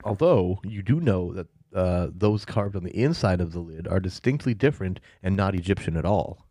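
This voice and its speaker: A man narrating a tabletop horror game as game master, in a relaxed way with many fillers. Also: sits low, moderate pace, no room sound, studio quality.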